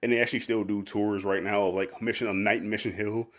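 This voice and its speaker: Male podcast host, casual chatty delivery, filler-heavy and quick to laugh, lowish voice. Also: flat delivery.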